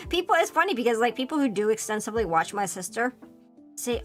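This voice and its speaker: A woman's voice: medium pitch, brisk, fairly bright tone, faint music behind. A woman with a Philadelphia accent chatting casually on a live stream, rambling and laughing often. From Pennsylvania, US.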